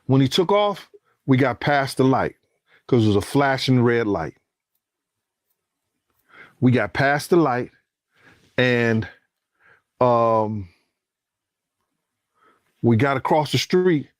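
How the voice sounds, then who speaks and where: Animated, cursing storyteller man, dry sound. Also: mid-range voice, slow pace, pauses often, no room sound. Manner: acts out quoted lines, cursing, rising to shouts when excited. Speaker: interviewee telling a story.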